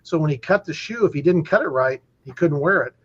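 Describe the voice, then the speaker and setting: A man's voice: fairly high pitch, expressive, brisk, lo-fi sound. A man who works as an equipment manager, telling rambling anecdotes on a talk show, with many restarts. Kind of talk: casual storytelling chat.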